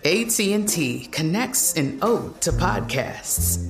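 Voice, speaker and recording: Deep creaky woman reading a rhyming ad. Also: animated. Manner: measured, poetic. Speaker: ad voice-over. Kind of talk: rhyming ad narration. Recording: echoey, over loud guitar music.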